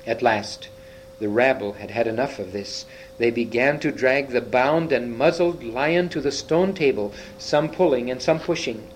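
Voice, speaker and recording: A man reads a children's fantasy book aloud at an unhurried, careful pace. He stumbles now and then and restarts a word. A faint hum sits under his mid-pitched voice. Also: rough recording. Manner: slow, halting reading with small slips and restarts. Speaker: reader.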